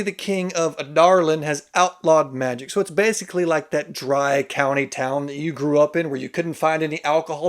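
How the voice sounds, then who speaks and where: A man summarizing a novel in a casual vlog, with joking, sarcastic asides. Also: fairly high pitch. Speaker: book reviewer.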